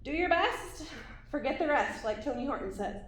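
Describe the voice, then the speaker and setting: A fitness instructor with a high-pitched, expressive voice leads an ab workout at a moderate pace, encouragingly talking through each move as she does it. She is out of breath at times, and the sound is roomy.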